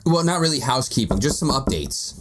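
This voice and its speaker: A young man co-hosting a podcast in casual, teasing banter, quick to laugh. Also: mid-range voice, big pitch swings, a little hiss or hum. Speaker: podcast co-host.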